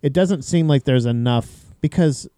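A man's voice: mid-range voice, unhurried, mellow, no room sound, clean studio sound. A man co-hosting a podcast in casual chat, rambling with frequent restarts and casual swearing. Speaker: podcast co-host.

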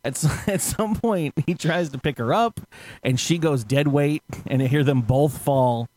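A man's voice: a little high, a little slow, noisy background. A man telling a story in a casual podcast chat, laughing often and acting out the people he quotes. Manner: animated, laughing, acts out quotes loudly.

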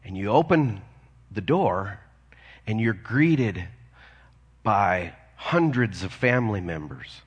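A man's voice: lowish voice, animated, takes it slowly, long pauses, breathy edge, dull audio. Man preaching in an echoing hall. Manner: earnest, conversational preaching with rhetorical questions. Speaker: pastor. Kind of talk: sermon. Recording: long reverb of a large hall.

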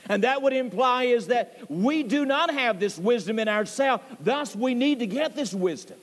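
High-pitched preacher with a lively voice. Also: male voice, long reverb tail. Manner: emphatic, repeats key phrases, voice swoops high on stressed words. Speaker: pastor. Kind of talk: sermon. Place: church sanctuary.

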